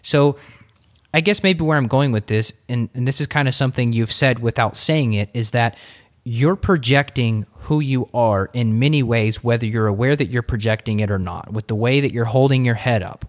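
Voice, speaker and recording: A man hosting a podcast chats in an animated, storytelling way. His voice sits at an ordinary middle pitch. He talks with plenty of expression as he tells his stories. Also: moderate pace. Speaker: podcast host. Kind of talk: casual interview chat.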